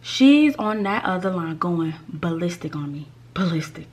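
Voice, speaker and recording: Animated woman telling a storytime. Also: lowish voice, unhurried. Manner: animated, repeats lines for effect. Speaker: vlogger. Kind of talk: storytime vlog.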